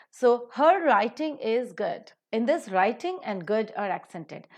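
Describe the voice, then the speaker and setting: Lady teaching pronunciation, voice goes way up and down, spells out example sentences slow and careful. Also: fairly high pitch, sing-song. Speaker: English phonetics teacher. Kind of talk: recorded lecture.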